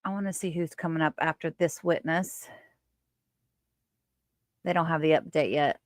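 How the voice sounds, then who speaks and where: A woman's voice: low-pitched, fairly even intonation, moderate pace, no echo, studio quality. A woman hosting a casual livestream, chatting with viewers and reading their comments aloud. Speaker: livestream host.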